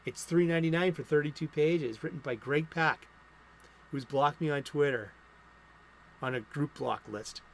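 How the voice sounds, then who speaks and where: A man's voice: a little high, moderate pace, creaky, slight background noise. A man hosting a casual comic book stream, rambling through new releases and breaking into profane, angry rants. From United States. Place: home studio.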